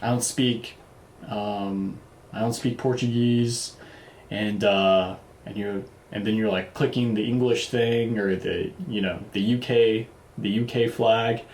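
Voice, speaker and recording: A man's voice: fairly low pitch, steady tone, takes it slowly, darkish tone, slight background noise. A man casually telling a travel story, loose and profane, with lots of fillers and restarts. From United States. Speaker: vlogger. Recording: roomy echo.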